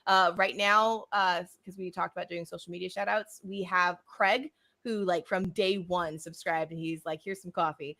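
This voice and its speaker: A woman's voice: lowish voice, steady tone, normal speed, vocal fry, bright, forceful tone. A woman from the United States co-hosting a live stream, chatting casually and laughing often. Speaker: podcast co-host.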